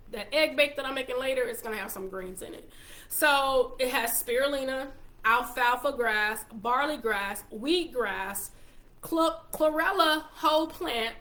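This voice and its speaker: A chatty woman with a Texas twang, talking casually to her viewers as she hosts her own show. Her voice sits a little high. She is upbeat and reels off long lists with small restarts along the way. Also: sharp tone. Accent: Texan. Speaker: show host and wellness consultant. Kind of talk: casual product talk to viewers.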